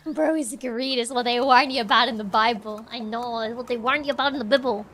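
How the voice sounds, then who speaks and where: A woman's voice: fairly high pitch, a little fast, fairly bright tone, slight background noise. A woman streamer giving casual let's-play commentary, chatty and thinking aloud.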